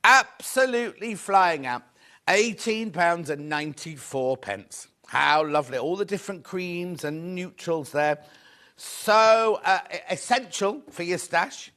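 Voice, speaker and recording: Chatty shopping-show host. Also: male voice, high-pitched, expressive, a little slow, fairly bright tone. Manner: upbeat, chatty, greets viewers by name. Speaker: shopping channel presenter. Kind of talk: live shopping show selling.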